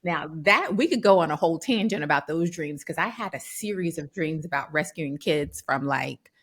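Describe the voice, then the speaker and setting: Lively woman telling a story, low-pitched. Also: normal speed, breathy edge. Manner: animated storyteller, acts out quoted dialogue. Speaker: podcast co-host. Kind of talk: casual chat.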